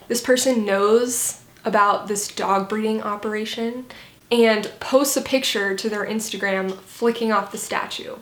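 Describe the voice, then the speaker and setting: Critical woman commentator in a roomy space. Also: a little high. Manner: critical, sarcastic, explanatory. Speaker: commentary vlogger. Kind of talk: scripted video commentary.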